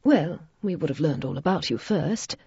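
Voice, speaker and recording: A woman voicing a hospitable Scottish noblewoman who speaks in a reasonable, calm way. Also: deep voice, normal speed, slightly rough, no room sound, exaggerated voice. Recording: dull lo-fi recording.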